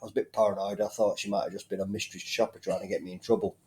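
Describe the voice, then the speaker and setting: British man, podcast guest, low-ish pitch, mellow tone, hesitant, self-deprecating. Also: level tone, very fast. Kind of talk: casual chat.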